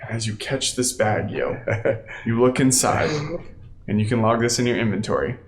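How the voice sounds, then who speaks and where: A man as game master, narrating a tabletop game in slow, descriptive lines. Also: medium pitch, animated, soft background music. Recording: echoey room.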